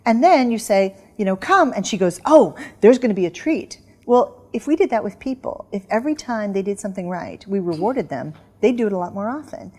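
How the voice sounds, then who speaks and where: Middle-aged woman author, animated storyteller, mid pitch. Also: a little fast, few pauses. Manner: animated storyteller, acts out dog commands. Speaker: interview guest, author. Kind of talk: casual interview chat.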